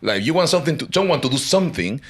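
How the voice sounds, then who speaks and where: Podcast host guy, lively voice, lots of yeahs. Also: mid-range voice, very fast. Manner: agreeable, short backing replies. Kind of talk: casual podcast chat.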